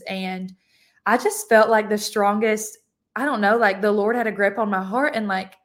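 A woman's voice: medium pitch, fairly bright tone. A young woman, sharing her testimony as a podcast guest in a casual, chatty way full of "like". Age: young adult. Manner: chatty, heavy use of "like" fillers.

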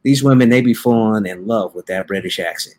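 A young man hosting a podcast, casually recapping a movie in a slangy, joking way and putting on quick voices for the characters. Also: on the low side, darkish tone. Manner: laid-back slangy storytelling with playful quoted voices. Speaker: podcast host. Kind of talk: casual comedic movie review.

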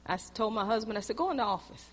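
Woman preacher, high and bright, sermon in a church with long reverb, shifts from loud urging to hushed asides. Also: lively intonation, rapid-fire, husky. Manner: storytelling preaching, swings from loud exhortation to quiet asides.

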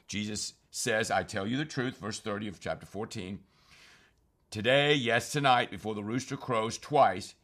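A man's voice: on the low side, fairly bright tone. A man teaching from scripture, reading verses aloud and then explaining them in plain, conversational terms. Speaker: preacher.

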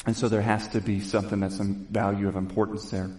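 A man's voice: lowish voice, little pitch movement, fast, a little mellow. A man preaching a sermon. He reads scripture, retells it in his own casual words, and builds to emphatic questions. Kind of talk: sermon with Bible reading. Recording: echoey room.

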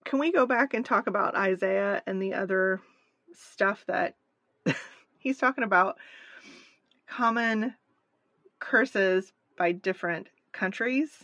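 A woman's voice: medium pitch, slow pace, long pauses, pushed and bright, dry recording. A woman co-hosting a podcast in casual chat, wry and joking as she works through her notes. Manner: wry, reads from notes, dry jokes. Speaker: podcast co-host.

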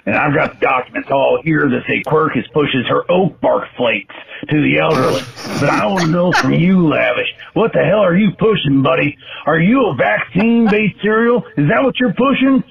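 Man voicing a paranoid call-in guy, very gravelly, tinny phone sound. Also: on the high side, animated, normal speed, slight background noise. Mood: accusing. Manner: accusing, rising questions. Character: paranoid male caller demanding answers. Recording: tinny phone-line audio.

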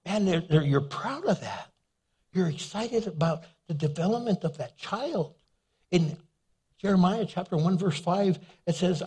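A man's voice: high-pitched, unhurried, husky. A man preaching a humorous sermon as pastor, telling stories, acting out little scenes and laughing at his own jokes. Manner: animated storytelling, acts out little scenes and voices.

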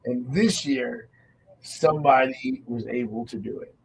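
A man hosting a faith radio talk show, telling a personal story with lively acted-out dialogue. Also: medium pitch, measured pace, vocal fry, a little hiss or hum, low-quality recording. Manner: animated storytelling, acts out quoted dialogue.

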